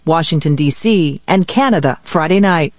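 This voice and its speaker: A woman news reporter reading a scripted report in a crisp, measured way. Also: deep voice, expressive.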